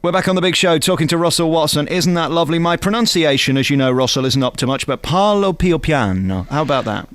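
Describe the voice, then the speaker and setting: A man's voice: fairly high pitch, fast talker, hardly any pauses, a bit bright. A male radio host interviewing a guest in a bubbly, teasing manner.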